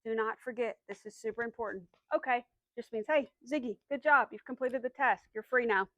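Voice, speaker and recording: A woman's voice: fairly high pitch, brisk, fairly bright tone, no echo, lo-fi sound. A woman dog trainer patiently explaining commands step by step, then giving the dog short firm cues. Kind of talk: instructional dog training demo.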